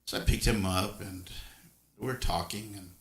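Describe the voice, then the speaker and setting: A man's voice: lowish voice, steady tone, normal speed, echoey room. An older man and grandfather, hosting a casual livestream and telling a folksy, rambling story. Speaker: livestream host.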